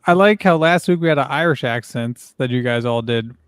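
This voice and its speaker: Smooth, laid-back slangy man. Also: mid-range voice, fairly quick, no echo, studio quality. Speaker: co-host. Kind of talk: casual live-stream chat.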